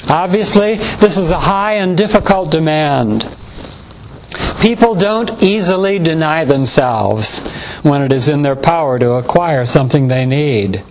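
Man, preacher, sermon, slightly high voice, measured and earnest, faint background hiss. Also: expressive, rough recording. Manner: measured, earnest preaching with slow emphatic quotations.

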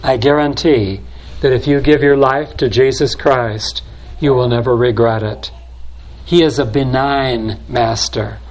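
A man preaching a sermon in a slow, deliberate way, building solemn repeated phrases. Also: mid-range voice, fairly even intonation, a little mellow, a little hiss or hum, poor audio.

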